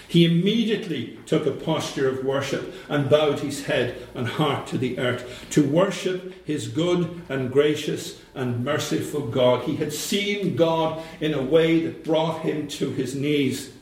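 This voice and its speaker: A man preaching a sermon, slow and emphatic, repeating phrases for weight. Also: fairly high pitch, a little mellow. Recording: very echoey room.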